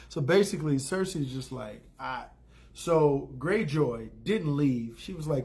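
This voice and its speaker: A man's voice: fairly high pitch, expressive, unhurried, darkish tone. A man giving a casual, rambling spoken recap with many fillers and restarts. He drops in blunt opinions and briefly acts out characters' lines. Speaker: TV episode recapper.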